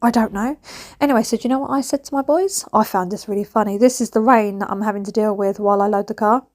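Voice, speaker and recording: A woman's voice: medium pitch, quick pace. A woman, chatting casually and rambling through a home vlog with laughing asides. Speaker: vlogger. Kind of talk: casual chat.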